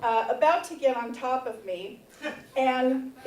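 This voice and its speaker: A woman's voice: sits high, lively intonation, takes it slowly, distant mic. A menopausal woman in her fifties doing stand-up, telling a candid personal story on a theater stage with the audience laughing. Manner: candid, builds to shouted reenactments. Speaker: stand-up comedian. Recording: roomy theater sound from afar.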